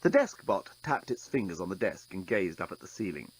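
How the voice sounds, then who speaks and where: A man's voice: low voice, very animated, fairly quick, slight background noise, low-quality recording. A man narrating an audiobook in a dry, wry storytelling manner.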